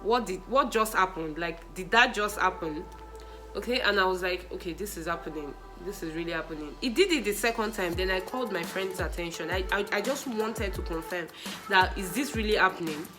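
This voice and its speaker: A young woman with a Nigerian accent telling funny personal stories in a casual vlog, animated and often laughing. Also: fairly low pitch, fairly quick, music in the background, low-quality recording. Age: young adult. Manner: animated, laughing, mixes in pidgin and Yoruba exclamations. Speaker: vlogger.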